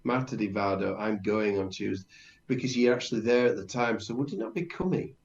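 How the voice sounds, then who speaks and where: Podcast co-host, a man learning the language, low voice, muffled lo-fi recording. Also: brisk. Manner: inquisitive learner, reading out phrases and checking pronunciation. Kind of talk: casual language podcast chat.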